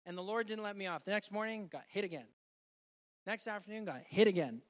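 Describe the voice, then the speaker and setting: A man preaching a sermon and sharing a personal testimony, earnest and heartfelt, moving between loud and soft delivery. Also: high voice, animated, a little fast.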